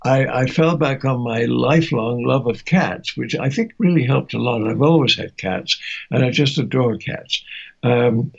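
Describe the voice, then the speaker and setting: Raspy older man reminiscing, lo-fi. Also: mid-range voice, a little slow. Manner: warm anecdotal storytelling with chuckles. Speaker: interview guest, voice actor. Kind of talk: reminiscing interview. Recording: muffled lo-fi audio.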